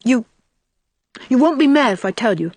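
A woman voicing a small, anxious, earnest boy in a quick, pleading, higher voice. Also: big pitch swings, no room sound.

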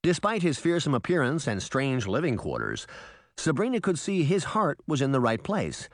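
Expressive male audiobook narrator. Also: a little high, moderate pace, no echo, studio quality. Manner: expressive storytelling. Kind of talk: scripted narration.

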